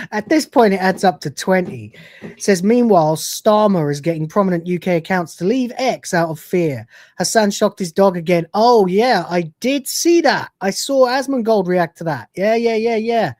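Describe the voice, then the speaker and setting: A woman's voice: medium pitch, animated, measured pace, darkish tone, dry recording, studio quality. A British woman hosting a livestream, reacting to clips and reading super chats, swearing a lot, often exasperated, and laughing often. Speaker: host.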